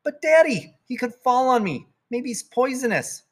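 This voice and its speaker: Man doing fretful little girl, high, pleading, storybook. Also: sing-song, normal speed, exaggerated voice. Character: anxious little girl, dramatic and insistent. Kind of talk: storybook reading.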